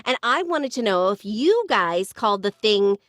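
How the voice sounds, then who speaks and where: A woman's voice: medium pitch, very animated, moderate pace, a bit bright, no room sound, clean studio sound. A woman co-hosting a casual podcast chat, curious and chatty, trailing off mid-thought. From United States. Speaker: podcast co-host.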